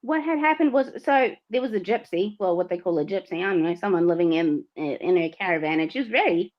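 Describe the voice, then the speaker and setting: A woman's voice: lowish voice, expressive, brisk. A woman co-hosting a livestream, telling a story animatedly, acting out quotes and laughing often. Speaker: co-host. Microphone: livestream mic. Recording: slightly dull lo-fi sound.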